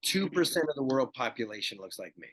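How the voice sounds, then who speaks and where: A man in his fifties, a guest actor in a casual interview, telling animated stories and acting out the dialogue. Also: medium pitch, fairly quick, husky, no room sound. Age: 50s. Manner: animated storyteller who acts out dialogue.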